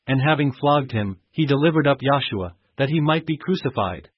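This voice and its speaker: Husky-voiced man reading scripture. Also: mid-range voice, lively intonation, moderate pace, no room sound. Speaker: scripture reader. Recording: muffled dry recording.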